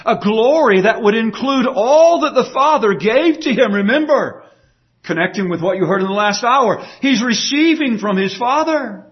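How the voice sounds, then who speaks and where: A man's voice: lively intonation, normal speed. A man preaching a sermon, emphatic, dramatizing quoted words. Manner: emphatic, dramatic quoting with wide swings of pitch. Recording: dull lo-fi recording.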